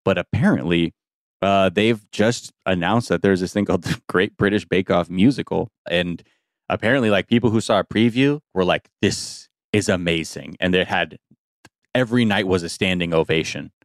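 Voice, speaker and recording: A man's voice: sits low, normal speed, dry recording, studio quality. A male podcast host chatting casually and joking, often slipping into playful voices. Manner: joking, animated, playful impressions. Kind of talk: casual chat.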